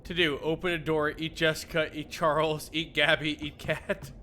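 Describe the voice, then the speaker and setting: A man's voice: a little high, little pitch movement, normal speed, pushed and bright, slight background noise. A man streaming a game, reading its text aloud in playful, dramatic readings and joking along.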